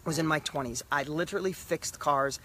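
Middle-aged motivational speaker, male, fairly high voice, fired-up and emphatic. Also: brisk, breathy edge. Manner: energetic, emphatic, repetitive punchy phrases. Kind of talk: motivational talk to camera.

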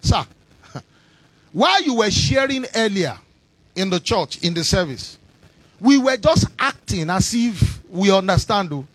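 A preacher voicing puzzled disciples in chuckling pidgin, with trailing "oh"s. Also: male voice, high-pitched, very animated, no room sound, voice pushed down, heavily acted, poor audio. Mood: sheepish. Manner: laughing pidgin speech, drawn-out "oh"s. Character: puzzled disciples, grown men, sheepish.

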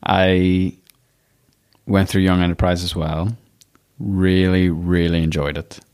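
Deep-voiced chatty man. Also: steady tone, takes it slowly, a little mellow, clean tone. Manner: chatty storyteller, says "like" constantly. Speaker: podcast host. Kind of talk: casual interview chat.

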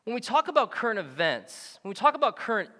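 A male pastor preaching a sermon, animated and joking, who often acts out the voices of the people he quotes. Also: high-pitched, quick pace, long reverb tail. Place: church sanctuary.

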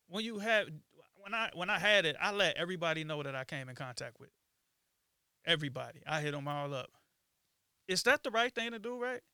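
A man co-hosting a podcast, speaking in casual chat with a reflective, halting manner full of ums and restarts. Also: a little high, pushed and bright, smooth, no room sound, clean studio sound. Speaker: podcast co-host.

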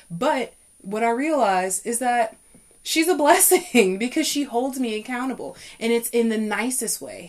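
Fired-up young woman preaching faith advice. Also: normal speed. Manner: preachy, emphatic, swings loud and high when fired up. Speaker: podcast host. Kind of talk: faith-based motivational talk.

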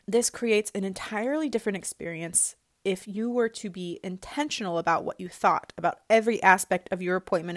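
A woman's voice: mid-range voice, no room sound, clean studio sound. A woman coach speaking in a conversational, encouraging coaching monologue, with frequent casual fillers.

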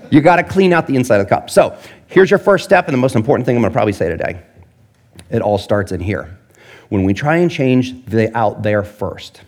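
A male pastor giving a casual, conversational sermon, animated and jokey, often asking his audience questions. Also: fairly low pitch.

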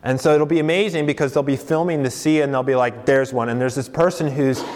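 A man's voice: mid-range voice, fairly even intonation, fast talker, darkish tone. A young adult man preaching a conversational sermon as a campus pastor, with frequent fillers and self-corrections. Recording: long hall reverb.

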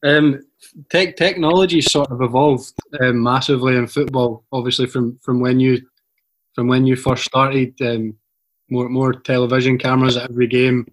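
Flat-voiced male interviewer. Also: medium pitch, rough recording. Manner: halting, restarting questions. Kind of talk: casual interview.

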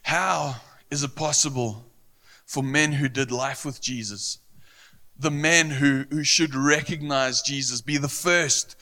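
A male pastor delivering a sermon with a bright, forceful voice. He speaks earnestly and emphatically, and he often repeats phrases for weight. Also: mid-range voice, fairly even intonation, slow.

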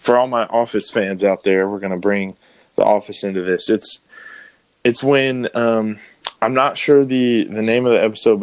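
A young man with a fairly low voice rambles through a casual podcast story, trailing off and restarting as he goes. The sound is dry and close, with no room around it. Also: darkish tone, no room sound. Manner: rambling, laughs often, loses track. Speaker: podcast co-host. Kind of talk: casual chat.

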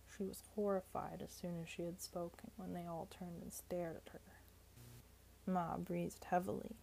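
Lady reading a book aloud, steady, dark mellow tone, low pitch. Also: normal speed, gravelly, slight background noise, low-quality recording. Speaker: narrator. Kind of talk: audiobook narration.

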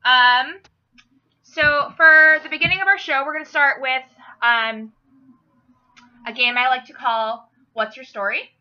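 A woman's voice: high voice, a little slow, no room sound, dull audio. A young woman with a Minnesotan accent, hosting a casual podcast in a rambling, self-deprecating way that drifts off on side tracks. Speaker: podcast host.

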